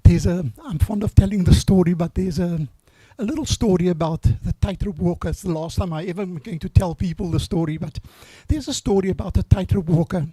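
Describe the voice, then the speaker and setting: Older man, hoarse, mellow dark tone, dry close sound, earnest halting eulogy. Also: sits high, no echo. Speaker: grandfather giving a eulogy. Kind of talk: memorial eulogy. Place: memorial service.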